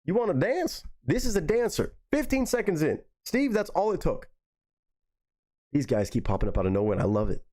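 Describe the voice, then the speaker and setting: A young man hosting a live music reaction stream, talking excitably, swearing freely and repeating lines in disbelief. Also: a little high, fairly quick.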